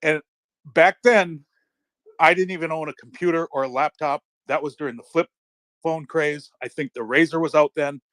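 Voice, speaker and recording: High-voiced excitable middle-aged man. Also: moderate pace, no room sound. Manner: excitable, swearing storyteller. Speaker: crypto community speaker. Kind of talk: casual live audio-room chat.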